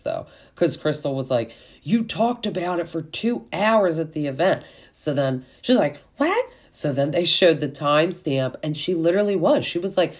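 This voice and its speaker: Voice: mid-range voice, darkish tone. A podcast host giving a casual, gossipy recap of a reality show, chatty and full of "like" fillers. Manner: chatty, gossipy, heavy use of "like".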